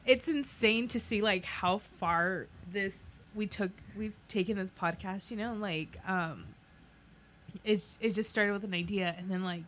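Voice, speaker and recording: A woman's voice: mid-range voice, measured pace, fairly bright tone. Young woman, podcast co-host, tearful casual chat, voice breaking, many fillers, faint hiss. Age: 20s. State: voice breaking from tears.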